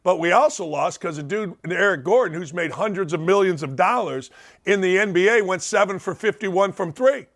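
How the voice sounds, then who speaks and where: A man's voice: sits high, lively intonation, moderate pace, a bit bright. A middle-aged man hosting a sports talk show, giving a blunt, fired-up monologue full of mocking asides.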